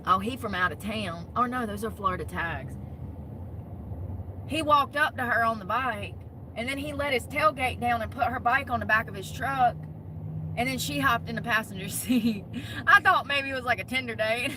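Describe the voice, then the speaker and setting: Parked in her truck, a woman livestreams on her phone in a casual chat, her voice on the high side and her speed normal. She's chatty and animated, laughing a lot and talking in a slangy drawl, with background noise audible.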